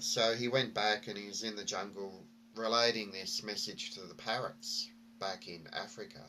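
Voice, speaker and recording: A man's voice: on the low side, normal speed, hardly any pauses, sharp tone, a little hiss or hum. A man vlogging, telling a story and reflecting in a rambling way with many fillers and restarts.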